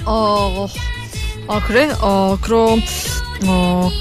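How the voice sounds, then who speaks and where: A woman voicing a gentle father who coaxes his child to eat, hesitant with fillers, in a scripted textbook dialogue. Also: medium pitch, fairly even intonation, fairly quick, over music, close to an everyday voice. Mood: coaxing.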